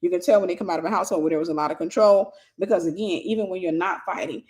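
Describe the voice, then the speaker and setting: A woman's voice: on the low side, very fast, few pauses, darkish tone. A woman talks through a ministry lesson in a casual, conversational way. She often says a line twice to drive it home and fills gaps with easy fillers. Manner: repeats key phrases for emphasis. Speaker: ministry host and teacher. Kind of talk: informal spoken teaching.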